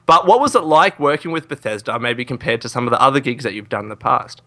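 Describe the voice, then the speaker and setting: A man's voice: mid-range voice, animated, fast talker, creaky, bright, forceful tone, dry recording. A man hosting a casual podcast interview, eager and laughing often. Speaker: podcast host.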